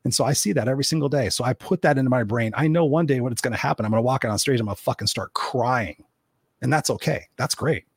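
Fast-talking guy in his 50s doing an unscripted livestream q&a, blunt and swears a lot, dry close sound. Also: medium pitch, slightly rough, no echo. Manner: blunt and energetic, swears freely; rambling, with many restarts and fillers. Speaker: motivational speaker and show host. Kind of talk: unscripted livestream Q&A, reading viewer comments.

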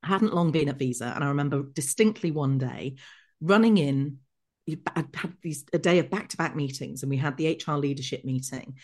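A middle-aged woman, an executive coach telling stories from her career as a podcast guest, animated and quick to act out remembered conversations. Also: low voice. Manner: lively, acts out remembered dialogue. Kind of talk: podcast interview storytelling.

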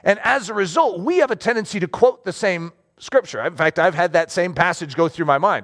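A man preaching a sermon as pastor, conversational and animated, often checking in with his listeners. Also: high-pitched, fairly quick, hardly any pauses.

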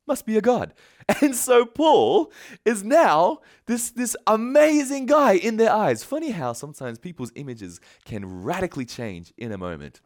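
A man's voice: high voice, very animated, a little slow. A man preaching a sermon, retelling a story with frequent chuckles. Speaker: pastor.

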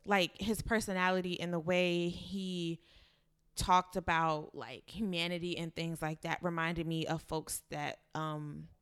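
A woman's voice: fairly low pitch, flat delivery, a little slow, fairly bright tone, smooth. A woman in her twenties, a guest telling a candid story in casual chat, laughing often. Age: 20s.

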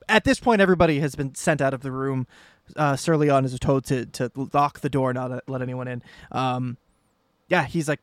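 A man co-hosting a podcast, recapping a TV episode in casual chat, joking, laughing often and pausing with many ums. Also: medium pitch, fairly even intonation, no room sound. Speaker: podcast co-host.

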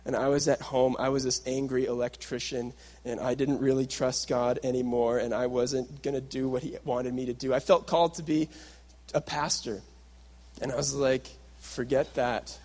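A man's voice: medium pitch, a little mellow. A young adult man giving a sermon-style workshop talk, telling a personal story and acting out what he and others once said. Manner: storytelling, acts out his past self and others in quotes. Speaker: workshop speaker.

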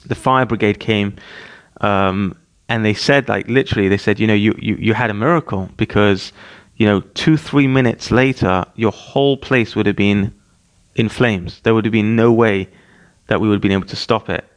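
A man in his thirties hosting a podcast, telling a personal story in a casual, animated way with many restarts and fillers. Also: fairly low pitch, moderate pace. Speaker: podcast host.

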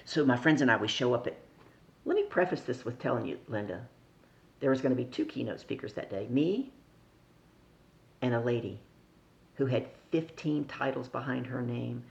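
A woman's voice: extremely low pitch, moderate pace, creaky, long pauses, darkish tone, dull audio. A middle-aged woman, a podcast guest, telling a story in conversation and acting out the people she quotes.

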